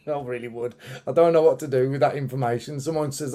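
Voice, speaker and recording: A man hosting a relaxed interview chat. His voice is warm and mellow, and he rambles with plenty of fillers and restarts. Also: mid-range voice, a little fast. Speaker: podcast host and musician.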